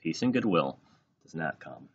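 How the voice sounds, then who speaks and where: A man reading a children's book aloud in an animated, playful way. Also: very deep voice, moderate pace, muffled recording, background noise. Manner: animated, plays out every line. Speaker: reader.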